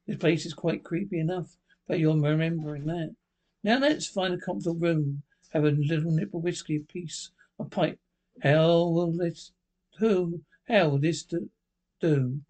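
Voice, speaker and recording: A man reading a storybook, voicing a complaining gentleman who would rather be in bed. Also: on the high side, fairly even intonation, normal speed, natural voice. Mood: grumbling. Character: grumbling, comfort-loving gentleman on a ghost hunt. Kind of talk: audiobook character voice.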